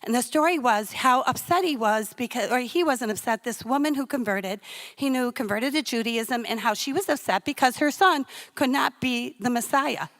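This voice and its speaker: A woman's voice: a little high, moderate pace, a bit bright. A middle-aged woman telling a personal story on stage in a chatty, comic, self-deprecating way.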